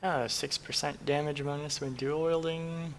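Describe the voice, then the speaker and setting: A man's voice: on the high side, flat delivery, moderate pace, slight background noise. A man casually commenting on a game he is playing, rambling and thinking aloud with self-deprecating asides. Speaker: streamer.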